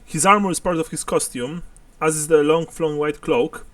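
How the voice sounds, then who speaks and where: A man's voice: a little high, normal speed, fairly bright tone, no echo, far from the mic. A man narrating a tabletop role-playing game as game master, chuckling often as he describes scenes.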